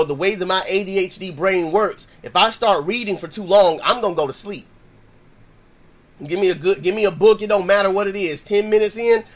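A man's voice: sits high, a bit bright. A man hosting a Christian podcast, teaching in a slangy, conversational way and acting out sample prayers. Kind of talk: casual Bible teaching.

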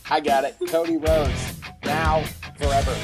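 A man co-hosting a wrestling podcast, chatting in a relaxed way and laughing easily. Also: fairly high pitch, unhurried, over music, low-quality recording. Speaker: podcast co-host. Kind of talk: casual podcast chat.

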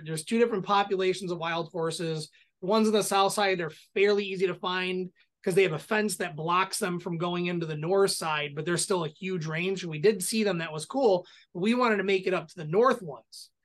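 A man with a notably high voice chats easily on an outdoors podcast. He tells his stories with plenty of fillers and restarts, in a relaxed, conversational way. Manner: chatty, hesitant with many fillers and restarts. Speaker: podcast co-host. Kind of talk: casual chat.

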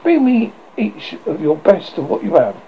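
A man voicing an eager boy leader giving urgent orders in a storybook reading, his voice pitched high and gravelly. The recording is muffled, with a faint hiss underneath. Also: very animated, normal speed, full character voice. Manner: urgent, bossy. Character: eager commanding boy leader of lost boys.

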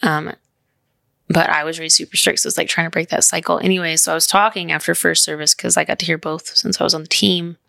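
A woman in her thirties hosts a heartfelt podcast chat. Her voice is low-pitched, gravelly with vocal fry and rather bright. She talks in an earnest, rambling way, winding through stories. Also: fairly even intonation, fast talker, no echo. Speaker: podcast host.

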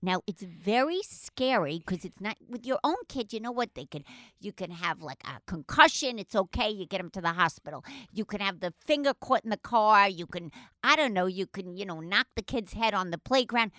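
This older woman spins a family story as a podcast co-host, her pitch swooping all over as she acts out other people, cursing freely. Her voice is bright and edgy, and the sound is dry and close with no room around it. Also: normal speed, dry recording. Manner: animated, swearing, acts out voices. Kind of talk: casual storytelling chat.

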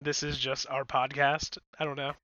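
A man's voice: mid-range voice, monotone, normal speed, sharp tone, dry recording, highs cut off. A man co-hosting a podcast in casual, wry, sarcastic chat. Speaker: podcast co-host.

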